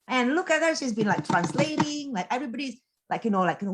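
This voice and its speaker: A woman giving a motivational coaching talk over a video call, animated and chatty, full of fillers and quick laughs. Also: fairly high pitch, noisy background. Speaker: business coach and team leader.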